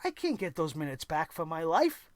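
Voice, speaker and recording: A wrestling recap host speaks at a middle pitch in a dry, close sound. The voice is sarcastic and exasperated. It swears freely and keeps firing off incredulous rhetorical questions. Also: sing-song, moderate pace, no echo. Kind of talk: ranting wrestling recap commentary.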